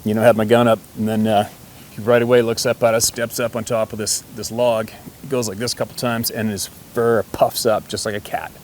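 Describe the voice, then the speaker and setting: A man's voice: on the low side, flat delivery, fairly quick, slight background noise. A man telling a hunting story in a rambling, folksy way, swearing casually and chuckling often. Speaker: hunter.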